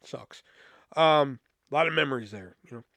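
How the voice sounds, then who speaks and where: A man's voice: mid-range voice, normal speed, a bit bright, dry recording. Profane rambling man telling a story. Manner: profane and rambling, full of fillers and asides. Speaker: podcast host. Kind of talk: casual comedic storytelling.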